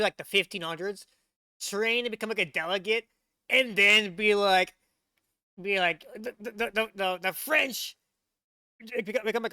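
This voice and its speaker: A man's voice: high-pitched, bright, forceful tone, dry recording. A young man hosting a casual reaction stream, rambling with many fillers and laughs into a desk mic. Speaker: VTuber reaction host.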